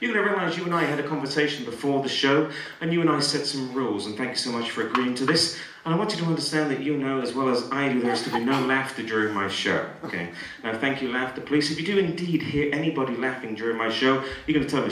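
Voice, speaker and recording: A man working as a stage hypnotist at a live comedy show, playful with volunteers and dropping to a slow soothing murmur for trance suggestions. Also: medium pitch. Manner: energetic and teasing with volunteers. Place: college auditorium stage. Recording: echoey hall from far off, audience laughter. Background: laughing audience.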